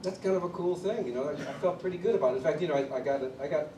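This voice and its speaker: Man, from Chicago, animated storyteller, far from mic, noisy room. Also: a little high, racing. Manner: animated storyteller who acts out others' quotes. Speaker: drummer telling his story at a clinic. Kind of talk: storytelling interview. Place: drum clinic in a studio room. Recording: distant mic in an echoey room with background noise.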